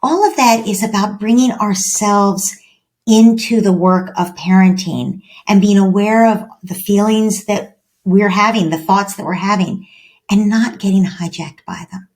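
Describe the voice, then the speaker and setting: A woman guest on a parenting podcast, explaining calmly and acting out little dialogues as she goes. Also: mid-range voice, unhurried. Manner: calm, explanatory, acts out quoted dialogue. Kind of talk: podcast interview.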